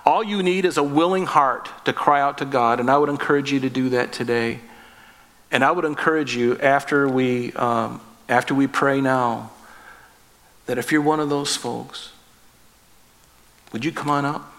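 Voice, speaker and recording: A man's voice: medium pitch, normal speed, fairly bright tone, big-room sound. A man preaching a sermon as pastor, earnest and emphatic, asking the listeners direct questions.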